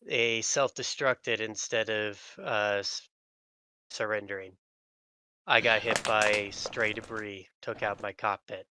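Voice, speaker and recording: A man playing a male fighter pilot in a sci-fi tabletop game, speaking in a flat, matter-of-fact way. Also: on the low side, takes it slowly, smooth. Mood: terse.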